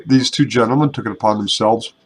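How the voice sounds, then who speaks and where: Speaking quickly in a medium-pitched voice, this gaming YouTuber and clan member chats loosely over his gameplay through a headset at his computer. He's young, self-deprecating and given to casual swearing, and the audio is rough.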